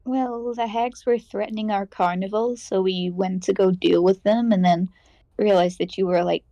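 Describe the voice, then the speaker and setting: A woman's voice: mid-range voice, fairly even intonation, mellow, dry recording, muffled recording. Hesitant woman player. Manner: hesitant, halting.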